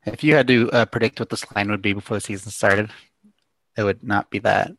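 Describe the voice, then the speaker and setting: Gravelly low-voiced man co-hosting. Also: steady tone, fairly bright tone, no room sound, studio quality. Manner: easygoing, quick agreeing replies. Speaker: co-host. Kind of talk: casual chat.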